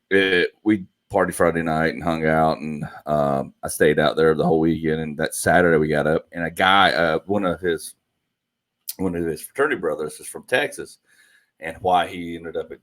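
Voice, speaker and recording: A man co-hosting a podcast, telling a funny story in a casual, animated way and laughing often. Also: deep voice. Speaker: podcast co-host.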